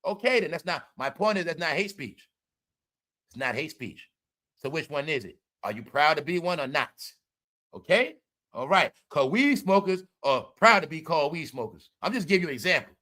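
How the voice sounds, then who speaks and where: High, bright-voiced man ranting on a livestream. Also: big pitch swings, moderate pace. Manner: loud, laughing, profane, repeats "all right?". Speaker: commentary livestream host. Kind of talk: casual livestream commentary.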